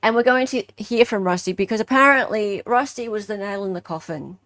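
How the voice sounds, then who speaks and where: A woman's voice: mid-range voice, brisk, a bit bright, no room sound, clean studio sound. An Australian woman hosting a live stream, chatting casually in a playful, joking, self-mocking way.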